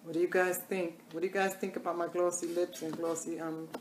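A woman's voice: on the low side, level tone, a little fast, a little mellow, reverberant, slight background noise. Chatty woman doing a makeup tutorial. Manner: chatty, repeats catchphrases in a sing-song way. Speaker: makeup vlogger. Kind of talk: casual makeup tutorial, live-streamed.

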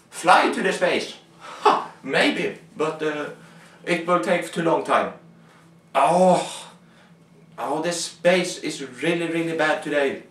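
A young man talks slowly in a rambling, halting comic monologue, often breaking off to exclaim to himself. His voice sits a little high for a man, and he sounds set back from the mic in an echoey room. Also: fairly bright tone. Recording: roomy, from far off the mic.

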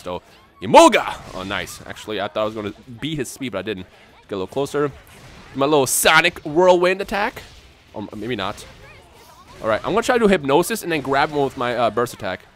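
Fast, animated male gameplay commentator. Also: medium pitch. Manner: excitable, repeats words rapidly under pressure. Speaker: gaming channel host.

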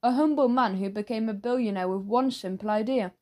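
A woman's voice: on the high side, a little fast, dark tone, lightly acted. A woman voicing an overly eager, chatty male newsagent who keeps pushing sweets in a salesy, fawning way.

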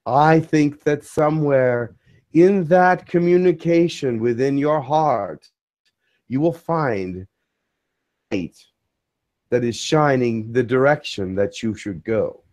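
A man channeling a spiritual message to a small community, speaking in a measured, solemn way. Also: mid-range voice, darkish tone.

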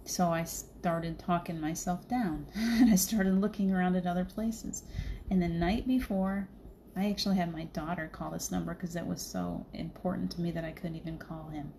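A woman's voice: fairly low pitch, fairly even intonation, moderate pace, creaky, mellow, a little hiss or hum. A middle-aged woman hosting a livestream, telling a spiritual story in a chatty way and laughing often. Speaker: livestream host. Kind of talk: casual spiritual chat.

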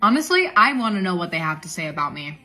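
A woman's voice: lowish voice, sing-song, fast talker, sharp tone. A young woman acting out comedic POV skits with exaggerated, dramatic reactions. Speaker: skit creator.

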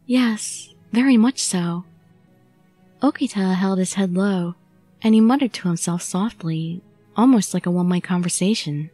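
A woman narrating a visual novel in the first person with a steady storytelling read. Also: lowish voice, moderate pace, no room sound, soft background music. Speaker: audiobook narrator.

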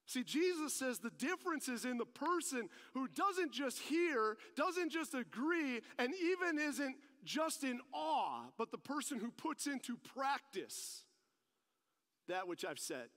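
High-voiced man preaching in a reverberant hall. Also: unhurried. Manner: animated and emphatic, rising in pitch and volume to stress points. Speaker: pastor. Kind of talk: sermon with personal storytelling. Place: church service. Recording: long reverb of a large hall.

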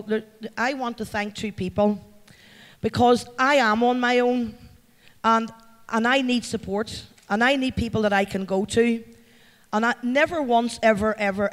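Northern Irish man, high-pitched, heartfelt and chatty, giving an award speech in a reverberant hall. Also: a bit bright. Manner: heartfelt, chatty, thanks the crowd by name. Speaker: award recipient addressing a company event. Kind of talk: acceptance speech to a live audience. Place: large event hall.

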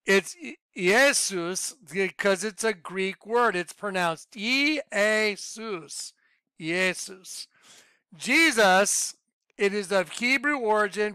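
A man giving an informal Bible teaching, emphatic, quizzing the listener with yes-or-no questions and swinging between loud outbursts and muttered asides. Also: sits high, smooth, no room sound. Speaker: self-styled Bible teacher.

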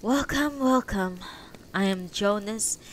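A woman's voice: medium pitch, takes it slowly, slight background noise, pitched above the performer's own voice, close to an everyday voice. A woman voicing a frail, wounded, white-haired old man who welcomes his guests, for a storybook reading. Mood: welcoming.

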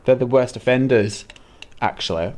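A man's voice: medium pitch, normal speed, darkish tone. A British man chatting casually with viewers while he streams a game, greeting them by name and laughing often. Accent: British English. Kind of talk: casual live-stream chat while playing.

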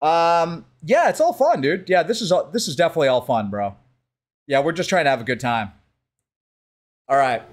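An American man on a live stream, chatting casually and excitedly with his viewers and greeting them by name while he races. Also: a little high, moderate pace, pauses often. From United States. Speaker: gaming livestreamer.

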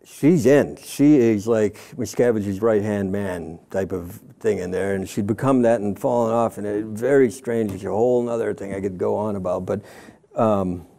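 Low, mellow-voiced middle-aged man. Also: normal speed, vocal fry. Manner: rambling, self-interrupting, quotes others in passing. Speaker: former church member interviewed as guest. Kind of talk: candid conversational storytelling.

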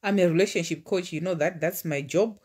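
A woman's voice: lowish voice, fairly quick, darkish tone, breathy edge. A woman, preaching and sharing testimony in fervent, repetitive declarations. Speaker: preacher and relationship coach. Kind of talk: livestream sermon with personal testimony.

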